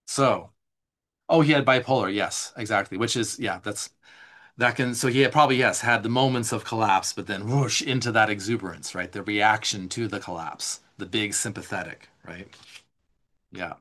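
A man leading a live somatic class, reading notes aloud and explaining them in a relaxed, conversational way, responding to viewer questions. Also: on the low side, normal speed. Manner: reads slides aloud, then explains in casual asides. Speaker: somatic teacher. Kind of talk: live online class teaching.

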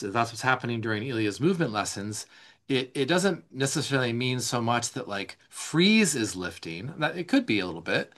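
Gentle, unhurried man coaching. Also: medium pitch. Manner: gentle, unhurried, many "like" fillers, slows down for soft guidance. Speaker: somatic coach answering listener questions. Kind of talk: casual teaching Q&A.

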